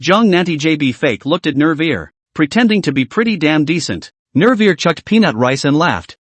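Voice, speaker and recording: A man's voice: a little high, very animated, normal speed, no room sound. A man narrating a recap story in a scripted storytelling style, slipping into the characters' quoted lines.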